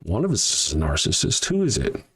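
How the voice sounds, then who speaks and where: Sarcastic man with a lively, swinging voice. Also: low voice, a little fast, slightly rough. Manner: sarcastic, mocking rhetorical questions, profane. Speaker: livestream host. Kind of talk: livestream commentary reading chat.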